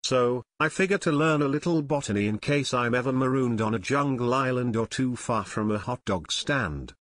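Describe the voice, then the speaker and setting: A man's voice: medium pitch, expressive, normal speed, fairly bright tone, no room sound, studio quality, natural voice. A man voicing a plump teenage boy who solemnly lectures his friends about living on vegetables. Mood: pompous.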